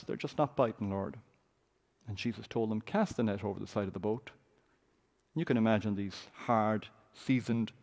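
A man's voice: fairly low pitch, vocal fry, a little mellow. A man preaching a sermon, reading scripture aloud with a dramatic, raised voice.

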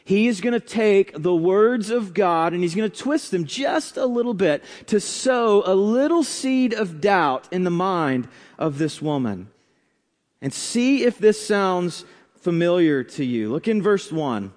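A man delivers a sermon in a relaxed, conversational way, pausing and tossing in asides. His voice sits high. The sound carries the long reverb of a church sanctuary. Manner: conversational preaching with asides and pauses. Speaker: pastor.

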